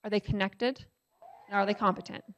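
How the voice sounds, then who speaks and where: Speaking a little fast, this woman has a medium-pitched, slightly bright voice with fairly even intonation. Her public lecture is conversational, full of "um"s and frequent checks of "right?" with the audience.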